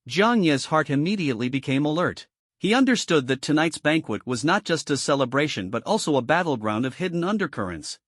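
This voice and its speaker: A man with a slightly high voice narrates a comic story recap in a smooth, scripted read. His pitch rises and falls in lively swings, and the sound is close and dry. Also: brisk, no room sound.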